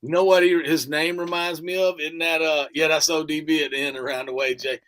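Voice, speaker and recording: Bright-voiced man in casual chat. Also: a little high, fairly even intonation, brisk. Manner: laid-back, chatty, laughs easily. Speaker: musician reviewing his own album with a co-host.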